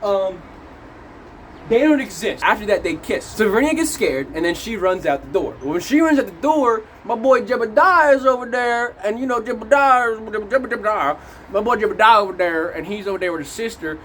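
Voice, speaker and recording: A young man recapping a movie in a casual vlog, animated and profane, acting out scenes as he talks outdoors in cold wet weather. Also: high voice, brisk, a little hiss or hum. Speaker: movie reviewer.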